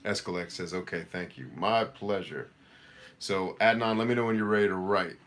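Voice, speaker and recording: A middle-aged life coach with a deep, low voice hosts a casual live Q&A at a normal speed, reading viewer comments aloud. His answers are direct, energetic and motivational.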